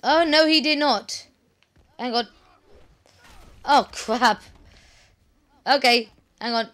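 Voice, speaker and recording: High, bright-voiced woman gamer. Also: slow. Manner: chatty, excitable, apologizes often to viewers. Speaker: let's play gamer. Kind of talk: casual gameplay commentary.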